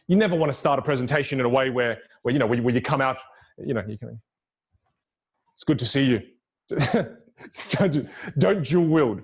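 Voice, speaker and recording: A man teaching public speaking to a virtual audience, with a lively, demonstrative delivery that swings his pitch widely and repeats key phrases for emphasis.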